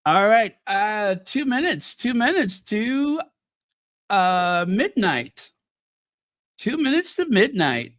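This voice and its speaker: A man chats on a livestream in a high voice, unhurried but easily excited. He greets viewers by name and laughs often, and the sound is dry and close, with no room echo. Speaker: livestream host. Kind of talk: casual live-stream chat.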